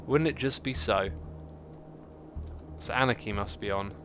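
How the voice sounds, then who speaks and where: A man giving casual, chatty livestream commentary while building a city in a game, reacting out loud to it and answering chat. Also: medium pitch. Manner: chatty, talks to the game and to chat, quick exclamations. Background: faint background music.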